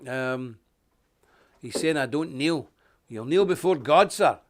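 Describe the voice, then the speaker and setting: This coughing host, a middle-aged man from Northern Ireland, rambles indignantly through a live online commentary while greeting viewers and reading from a paper. His mid-range voice is expressive and slow. A little hiss or hum sits in the audio.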